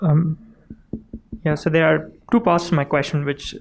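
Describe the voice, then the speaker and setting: A man's voice: on the high side, steady tone, measured pace, vocal fry, slight background noise. Hesitant young-sounding man asking a question. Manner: hesitant, many fillers. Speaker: audience questioner.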